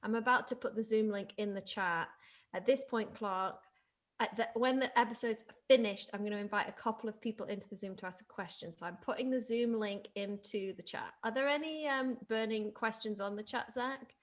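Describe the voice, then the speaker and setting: A woman's voice: fairly high pitch, fairly quick. Gushing woman hosting a watch-along. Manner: gushing and enthusiastic. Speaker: host of a live watch-along. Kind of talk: casual live-stream chat.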